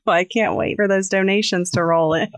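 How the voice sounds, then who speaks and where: A woman hosting a podcast, easygoing and quick to laugh, also reading a scripted outro. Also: medium pitch, fairly even intonation, no room sound. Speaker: podcast host.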